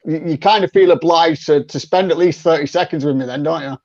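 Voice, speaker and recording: A man's voice: a little high, a little fast, darkish tone, no room sound, lo-fi sound. A man, a sales coach talking as a podcast guest in a chatty way, often repeating words as he restarts and acting out sample phone calls. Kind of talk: conversational interview.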